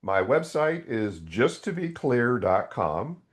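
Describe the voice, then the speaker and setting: A man's voice: medium pitch, takes it slowly. A man in his sixties, a guest author animatedly telling a story in a podcast interview. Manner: animated storytelling with quoted dialogue.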